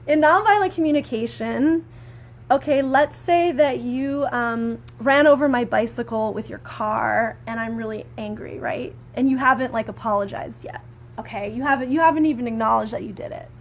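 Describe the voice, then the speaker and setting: Chatty rambling woman, higher voice. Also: normal speed, slight background noise. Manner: rambling, filler-heavy, conversational; animated when acting out quoted anger. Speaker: spiritual teacher and prayer practitioner. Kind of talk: casual live-stream chat.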